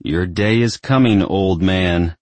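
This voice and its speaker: A man's voice: fairly low pitch, very animated, normal speed, slightly rough, dry recording. A man voicing a defiant, sarcastic young man who is the devil's son.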